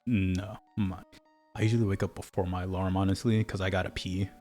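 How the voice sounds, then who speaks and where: A man's voice: low voice, little pitch movement, a little fast, warm tone. A young man, a podcast co-host, chatting playfully and laughing, sometimes slipping into silly voices. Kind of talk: casual chat. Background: background music.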